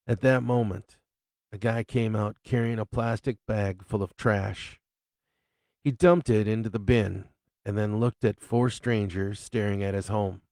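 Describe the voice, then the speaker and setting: A man reads from his own novel in a slow, unhurried storytelling voice. His tone is low and gravelly, with a dry, close sound. He delivers crude humor in a matter-of-fact way. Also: fairly even intonation, a little mellow, dry recording. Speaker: author reading his novel. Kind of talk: live reading of fiction.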